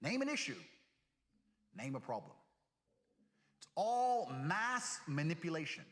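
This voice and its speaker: A man's voice: a little high, big pitch swings, unhurried, a bit bright, in a large hall. A man in a played video delivering a brash, profane, mocking rant that lectures the listener. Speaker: online personality in a played video. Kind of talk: ranting monologue.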